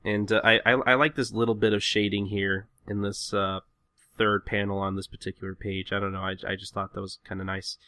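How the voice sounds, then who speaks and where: A male podcast host casually recaps comic scenes, retelling them in a relaxed way with plenty of fillers. His voice sits fairly low and moves a little fast, with no echo.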